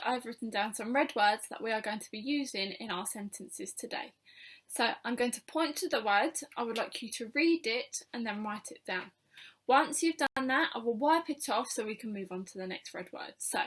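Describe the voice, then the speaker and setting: A woman teaching a phonics lesson to young children, sounding out each letter slowly and clearly with patient encouragement. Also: a little high, a bit bright. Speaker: primary school teacher.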